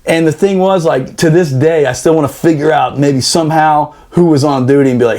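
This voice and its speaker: A man in a podcast room telling an old service story with a slightly high voice. He talks casually and animatedly, swears a lot and laughs. He acts out every quote as he goes. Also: a little fast, hardly any pauses, a little mellow.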